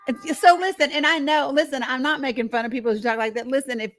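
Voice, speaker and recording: A woman's voice: sits high, steady tone, normal speed. Blunt Southern woman hosting a live show. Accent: Southern American. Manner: blunt, profane, laughs often, addresses viewers as y'all. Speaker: talk show host. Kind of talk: live-stream commentary.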